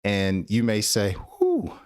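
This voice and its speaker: Slow, low-voiced man teaching English. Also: lively intonation, no echo, studio quality. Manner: slow, laughs often, acts out example dialogues. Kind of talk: English lesson live stream.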